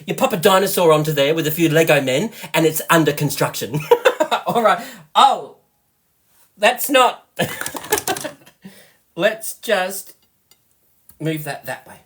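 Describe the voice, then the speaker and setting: An Australian man hosting a live cooking demonstration, chatty and excitable, often giggling as he talks to viewers. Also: high voice, measured pace. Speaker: host, product seller.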